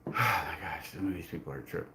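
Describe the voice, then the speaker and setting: A man with a lowish voice chats casually on his livestream. He rambles, restarts his sentences and leans on fillers as he goes. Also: animated, fast, heavy background noise. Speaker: livestream host.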